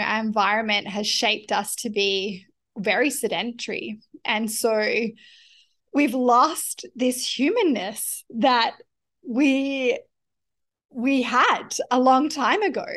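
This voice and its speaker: A woman's voice: on the high side, a bit bright. A woman interviewing a guest, thinking aloud with hesitant, searching phrasing. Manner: searching, hesitant, laughs easily. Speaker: interviewer, host. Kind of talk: conversational interview.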